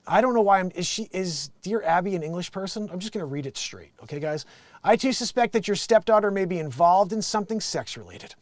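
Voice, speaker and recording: Rambling host from New Jersey. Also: male voice, a little high, fast talker, dry recording. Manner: rambling, many restarts, animated swings. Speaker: show host. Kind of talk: casual commentary.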